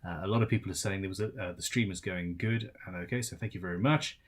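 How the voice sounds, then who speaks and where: A man's voice: low-pitched, quick pace. Tired man rambling through a Q&A. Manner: rambling, chatty, self-deprecating. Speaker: luthier hosting a live Q&A. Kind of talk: casual live-stream Q&A.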